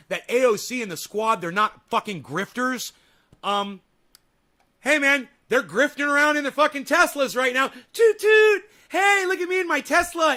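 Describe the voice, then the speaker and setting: A man reacting to a video in casual commentary, sarcastic and swinging into loud rants. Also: high voice.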